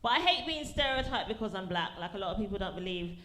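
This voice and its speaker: A woman's voice: mid-range voice, lively intonation, fast, fairly bright tone. A woman from performing a punchy, sassy stand-up set to a small live audience. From London. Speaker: stand-up comedian. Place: comedy venue with small audience. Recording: echoey live venue, faint noise.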